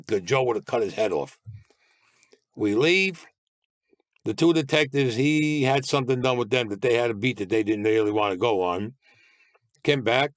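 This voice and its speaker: A man tells his past in a blunt, streetwise way, laying out events plainly in present tense. His pitch sits in the middle for a man, and the sound is dry and close to the mic. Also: a bit bright, dry recording. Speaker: guest. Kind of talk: storytelling interview.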